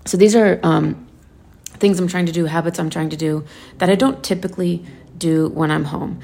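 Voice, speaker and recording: A woman's voice: on the low side, steady tone, normal speed, vocal fry, dark tone. A woman talking casually in a vlog, chatty and rambling, with lots of fillers and restarts as she shares her routines. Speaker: lifestyle vlogger.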